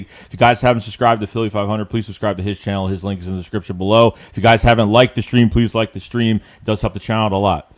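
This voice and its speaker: A man with a mid-pitched voice hosts a casual sports talk livestream. He talks in a chatty, animated way and reads viewer comments out to the stream. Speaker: podcast host.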